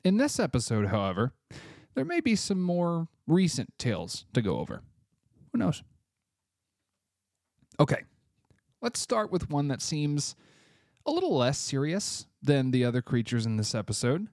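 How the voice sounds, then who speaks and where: A man's voice: fairly high pitch, wildly swooping pitch, unhurried, long pauses, a little mellow, dry recording, studio quality. A man from Tennessee, hosting a casual solo podcast with offhand, chatty asides, a bit congested. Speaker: podcast host.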